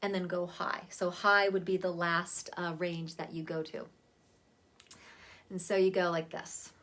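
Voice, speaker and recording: A woman vocal coach giving a relaxed, chatty lesson on voice warm-ups, talking to the camera from a seated spot at home. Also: on the low side, measured pace. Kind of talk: casual spoken voice lesson.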